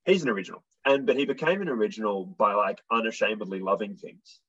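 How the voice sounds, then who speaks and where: A man with an Australian accent speaks as a guitarist and songwriter in a relaxed interview. His voice sits low and sounds husky, and the recording is dull and lo-fi. He tells stories bluntly and swears freely. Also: fast. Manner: blunt, swearing, animated storyteller. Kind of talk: casual chat.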